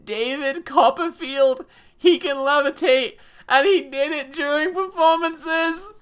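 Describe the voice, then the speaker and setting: A woman streamer giving animated, profane reaction commentary and laughing often. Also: high voice, slow pace.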